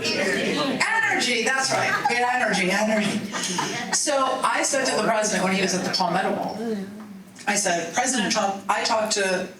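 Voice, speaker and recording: A woman's voice: medium pitch, distant mic. Woman telling folksy stories in a hall. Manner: folksy storytelling, animated. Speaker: political speaker. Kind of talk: speech to a party meeting. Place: meeting hall. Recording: roomy hall audio from off-mic.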